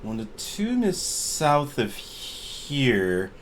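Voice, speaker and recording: A chipper young archaeologist woman from a wealthy family, bubbly and blunt, as a man puts her on. Her tone swings up and down with lively energy, and a faint hiss sits behind it. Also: mid-range voice, heavily acted. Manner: bubbly, blunt, fast-talking. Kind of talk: voicing a character in a tabletop game.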